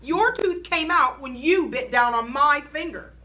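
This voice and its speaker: A woman voicing a patient, kindly grandfather who speaks gently and soothingly. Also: sits high, lively intonation, measured pace, slight background noise, voice pushed up, full character voice. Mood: gentle.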